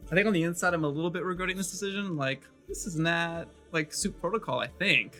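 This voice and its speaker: A man playing a tabletop game, hesitant and halting as he talks, faint music behind. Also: on the high side, sharp tone. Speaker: player. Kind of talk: casual tabletop play.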